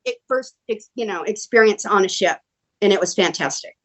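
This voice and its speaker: A woman's voice: moderate pace, low-quality recording. A middle-aged American woman, a guest actress telling stories animatedly in casual chat over a video call. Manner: animated, acts out quotes in a high voice. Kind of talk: casual storytelling.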